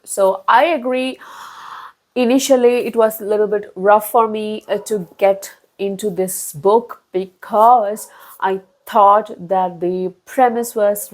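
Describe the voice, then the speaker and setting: A woman talking straight to her viewers in a casual book-review vlog. Her pitch sits in a middle range, and her delivery is chatty and expressive. It jumps up and down in pitch and loudness and is full of fillers and restarts. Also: low-quality recording.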